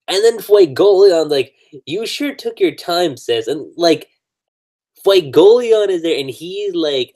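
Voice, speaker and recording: A man hosting a podcast, chatting casually through an anime recap, laughing often and acting out character lines. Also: fairly high pitch. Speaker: podcast host.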